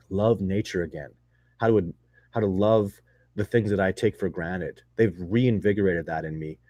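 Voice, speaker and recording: A man's voice: low voice, darkish tone, no room sound. A man answering viewer questions in a casual live chat, rambling and enthusiastic with many restarts. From not from Texas.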